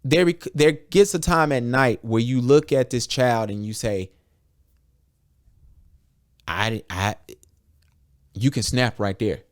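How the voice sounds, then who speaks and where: A man's voice: medium pitch, slow, pauses often. Blunt, profane man talking on a podcast. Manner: blunt and profane, retells conversations in quotes. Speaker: podcast host. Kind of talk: candid casual podcast talk.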